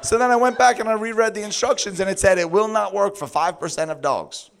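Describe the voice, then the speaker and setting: A man preaching a sermon through a funny personal story, laughing often and acting out his own words in a high sing-song voice. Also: fairly quick, vocal fry, background noise.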